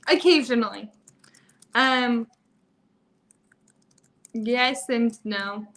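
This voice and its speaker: A woman's voice: fairly high pitch, drawn-out words, a bit bright. A woman, a mother and family vlogger, chatting casually with viewers and telling stories with frequent laughs. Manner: chatty storyteller, laughs often. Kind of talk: casual live chat with viewers.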